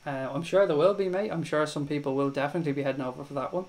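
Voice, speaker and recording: A man's voice: a little high, steady tone, rapid-fire, darkish tone, rough recording. Chatty Irish man hosting a fan livestream. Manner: chatty, swears freely, calls viewers mate. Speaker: livestream host. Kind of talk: casual live chat reading viewer comments.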